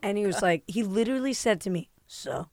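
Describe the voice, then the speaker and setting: Animated woman telling a story. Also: mid-range voice, fast talker, background noise. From New York. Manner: animated storyteller, acts out others' lines, many ums and likes. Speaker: podcast co-host telling a story. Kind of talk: casual chat.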